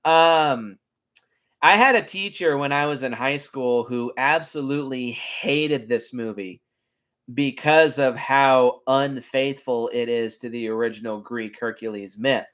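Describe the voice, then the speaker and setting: A man casually reviewing his favorite animated films, chatty and enthusiastic, with frequent ums. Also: mid-range voice, a little slow. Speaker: film reviewer. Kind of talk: casual video commentary.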